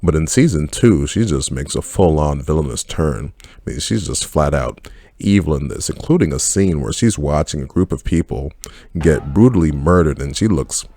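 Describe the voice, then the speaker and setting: An animated film and TV reviewer with an extremely low, mellow voice talks at a moderate pace, with no echo. His casual take on a TV series is frank and profane, full of blunt opinions.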